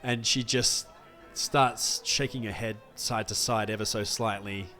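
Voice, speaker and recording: Man slowly describing a character's reaction. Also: lowish voice, fairly even intonation, pushed and bright, soft background music. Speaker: player. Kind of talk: narrating a tabletop game.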